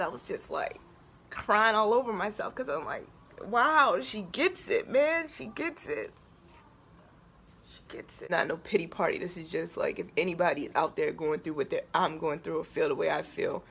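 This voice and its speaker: Woman vlogger, husky voice, confessional and raw, halting delivery veering from nervous laughs to near tears. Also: lowish voice, a bit bright. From Baltimore area, USA. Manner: emotional, halting, shifts between laughter and tears. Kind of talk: personal confessional vlog.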